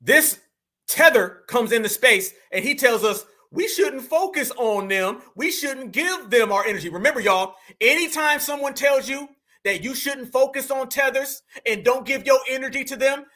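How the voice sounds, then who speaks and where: High, bright-voiced man preaching emphatically. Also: lively intonation, moderate pace. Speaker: stream host. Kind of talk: commentary for a live stream.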